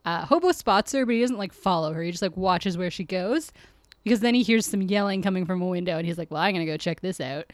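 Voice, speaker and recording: A woman's voice: on the low side, animated, fast, no room sound. A woman co-hosting a podcast, chatting casually as she recaps an episode, laughing often and acting out lines. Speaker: podcast co-host.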